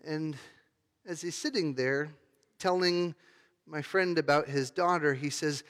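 A male pastor giving a sermon in a conversational storytelling manner, swinging between loud emphasis and hushed, quiet tones. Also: a little high, unhurried, pauses often, long reverb tail.

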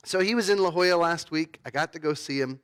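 A man's voice: a little high, fast talker, fairly bright tone, clean tone. A man giving a sermon as pastor, talking in a conversational way with fillers and restarts.

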